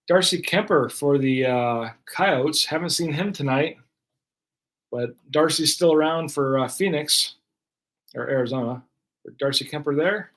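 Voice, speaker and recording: A man's voice: on the high side, fairly bright tone. A man hosting a live card break, chatting casually as he runs through each card pulled. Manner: chatty, running play-by-play of cards. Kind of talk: casual live-stream commentary.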